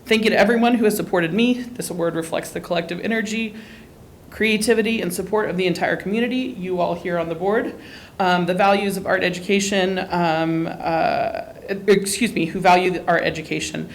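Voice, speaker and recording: A woman's voice: lowish voice, fairly quick, slight background noise. A woman art teacher giving a heartfelt, grateful acceptance speech at a school board meeting, with frequent ums. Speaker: award-winning art teacher.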